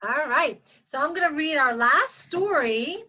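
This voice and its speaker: A woman reading a picture book aloud to children at story time, expressive and animated. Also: high-pitched, a little slow.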